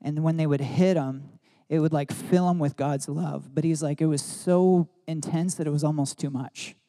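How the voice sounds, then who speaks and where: A man preaches through personal stories in a loose, rambling way, leaning on "like" as he goes. His voice sits a little high but sounds mellow and warm. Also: steady tone, moderate pace. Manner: casual, rambling, many "like" fillers. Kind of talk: sermon storytelling.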